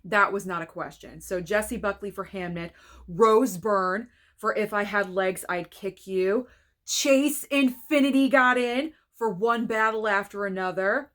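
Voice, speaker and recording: Excitable woman reacting to film news. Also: medium pitch, unhurried. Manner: excitable, gasping and gushing; chatty, frank opinions. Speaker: film reviewer. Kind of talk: casual reaction video.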